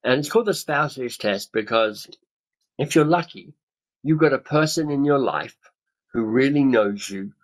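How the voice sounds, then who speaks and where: A man's voice: mid-range voice, expressive, normal speed, rough recording. A man in his fifties leading a coaching webinar over a video call, talking with enthusiasm and acting out other people's reactions. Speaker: webinar speaker and author. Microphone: webcam on a video call.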